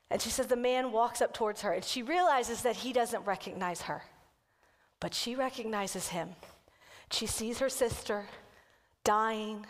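Woman pastor in a reverberant church. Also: on the high side. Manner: earnest, slows down to lead breathing prayer. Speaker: kids' pastor. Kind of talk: sermon storytelling, then guided prayer. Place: church sanctuary. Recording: church hall with long reverb.

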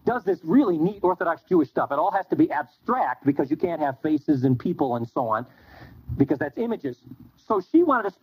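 A man teaching a Bible class, telling stories in an animated way and acting out bits of dialogue. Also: on the high side, breathy edge. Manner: animated storytelling with quoted dialogue. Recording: dull lo-fi recording.

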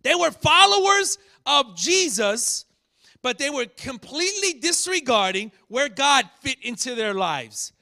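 A man preaching a sermon, teaching from scripture and acting out sharp rebukes with rising shouts. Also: very high-pitched, big pitch swings, a little slow. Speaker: pastor.

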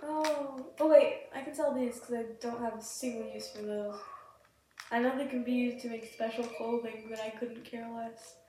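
A woman hosting a gaming podcast, chatting casually and excitably while she plays, giggling often and sounding sick. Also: fairly high pitch, moderate pace. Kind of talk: casual gameplay chat. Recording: very echoey room, distant mic, faint hiss.

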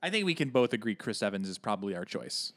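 A man's voice: on the low side, very animated, fast, a bit bright. A young man co-hosting a podcast in casual chat, chatty and self-deprecating, with casual swearing. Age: young adult. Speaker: podcast co-host.

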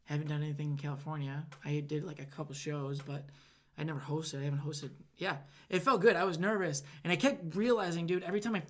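A man from Michigan, a stand-up comedian, telling stories in a casual podcast chat with animated, profane delivery. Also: on the high side, fast talker. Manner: animated, profane, laughing storyteller.

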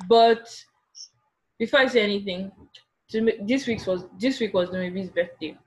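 A woman with a Nigerian accent chats in a casual podcast conversation. She teases her friends and talks freely, her voice at a middle pitch. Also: moderate pace, heavy background noise. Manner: teasing, chatty. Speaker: podcast co-host. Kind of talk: casual group chat.

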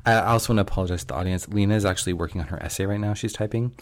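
A man's voice: sits low, racing. A man hosting a podcast in casual chat, joking and steering the talk from one segment to the next. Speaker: podcast host.

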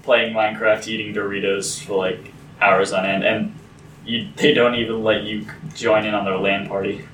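A man's voice: fairly low pitch, level tone, moderate pace, a bit bright. Young man joking in a roomy room. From Ireland. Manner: joking, reads facts aloud then riffs. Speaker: podcast co-host. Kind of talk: casual chat. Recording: roomy room, mic far off, faint hiss.

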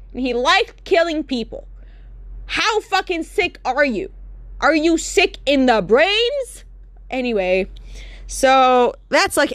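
Young woman vlogger, high voice, sarcastic and profane comedic rant. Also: fairly bright tone.

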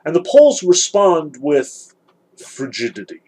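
Husky-voiced man lecturing on a novel. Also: a little high, expressive, moderate pace, darkish tone, rough recording. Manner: earnest, emphatic, frequent restarts. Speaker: literature lecturer. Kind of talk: literature lecture reading and analyzing a novel.

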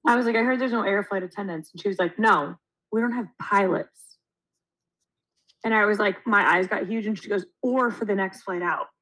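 A woman's voice: mid-range voice, normal speed, low-quality recording. A young woman co-hosting a podcast, telling a story in casual chat, acting out quotes and swearing freely. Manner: animated, acts out quotes, swears. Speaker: podcast co-host.

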